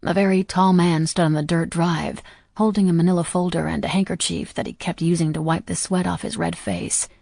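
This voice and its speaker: A woman narrating a first-person audiobook in a quiet, measured, somber way. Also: fairly low pitch, vocal fry, dry recording, studio quality.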